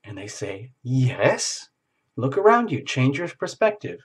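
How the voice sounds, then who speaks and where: Husky, playful male tarot reader. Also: medium pitch, very animated, normal speed. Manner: playful and theatrical, acting out little scenes. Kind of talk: casual, animated tarot reading.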